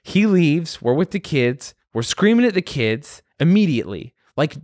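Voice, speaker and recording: A young adult man, a guest comedian, telling a story in casual chat, animated and swearing freely as he acts out voices. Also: a little high, normal speed, no echo, studio quality.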